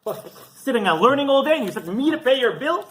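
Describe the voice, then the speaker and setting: A man voicing an irate wealthy man who shouts and scolds a collector. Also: very high-pitched, sing-song, quick pace, background noise, pitched above the performer's own voice. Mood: furious scolding.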